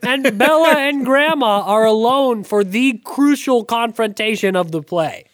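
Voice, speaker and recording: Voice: mid-range voice, a little slow, no room sound. Thoughtful podcast co-host, dry sound. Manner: thoughtful, discursive, wry asides. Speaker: podcast co-host discussing a play. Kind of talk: casual analytical chat.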